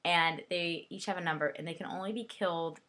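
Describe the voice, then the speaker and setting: A woman's voice: on the low side, a little fast, a bit bright. A young woman casually reviewing a book and its film, chatty and giggly, full of "like" and asides. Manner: giggly, chatty, heavy use of "like". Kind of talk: casual rambling video review.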